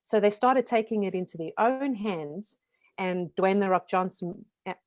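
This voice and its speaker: A woman in her forties from South Africa with a softened South African accent, talking frankly and lively as a guest in a casual interview. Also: medium pitch, dry recording. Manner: lively, frank, talks in quick runs. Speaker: guest, brand strategist.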